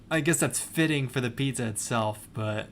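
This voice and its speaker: A young man reads his old fan fiction aloud, stopping again and again to laugh at it and mock his own writing. His voice sits at an everyday middle pitch, with a faint hiss behind it. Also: measured pace, a bit bright. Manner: laughing, self-mocking. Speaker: reader.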